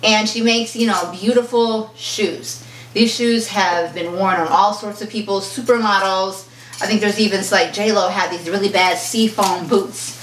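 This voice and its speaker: Woman, fashion vlogger, animated chatty storytelling, casual unboxing, echoey room, mic at a distance. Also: mid-range voice, a little slow, a little hiss or hum. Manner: chatty, animated storyteller who acts out quoted exchanges. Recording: roomy echo, mic at a distance, faint kitchen clatter.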